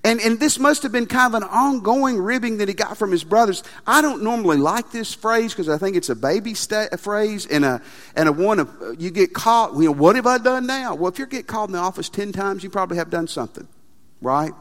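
High-voiced preacher in a reverberant hall. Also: male voice, brisk. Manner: animated, emphatic, repeats phrases. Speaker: pastor. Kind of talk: sermon. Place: church sanctuary. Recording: long reverb of a large hall.

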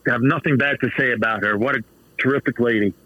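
Dry muffled storytelling man, animated. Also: mid-range voice, quick pace, no echo. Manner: animated storyteller, laughs often. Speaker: author and baseball manager guest. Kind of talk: casual interview storytelling.

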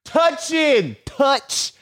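A young man hosting a comedic solo podcast, rambling and animated, swinging his pitch around for laughs and often repeating himself. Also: drawn-out words. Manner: animated, swings pitch widely for comic effect; rambling, repeats and restarts phrases. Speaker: podcast host.

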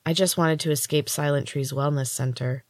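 A woman's voice: sits low, fairly even intonation, normal speed, darkish tone, dry recording. Woman reading a novel aloud, dry sound. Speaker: storytelling podcast host. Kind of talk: first-person novel reading.

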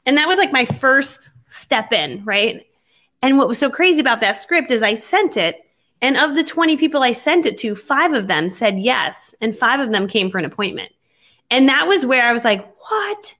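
A woman telling a business story in casual conversation, animated and quick to act out her own past lines. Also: fairly high pitch. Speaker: network marketing entrepreneur.

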